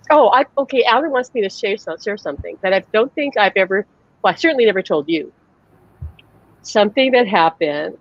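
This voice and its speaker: On a video call, a woman with a medium-pitched voice hosts a live online chat as a psychic medium. There's no echo, though the highs are cut off. She tells personal stories chattily, imitating the voices she quotes and filling her speech with "like."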